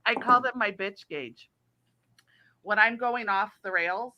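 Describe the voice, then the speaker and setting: Bright-voiced woman host telling stories. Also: mid-range voice. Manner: animated storytelling, laughs often. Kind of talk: casual chat.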